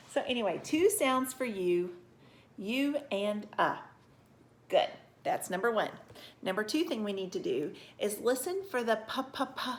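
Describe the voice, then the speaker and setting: A middle-aged woman teaching an online reading lesson to young children, sounding out letters slowly and breaking into high excited bursts. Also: creaky. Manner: slow, exaggerated sounding out of letters and words.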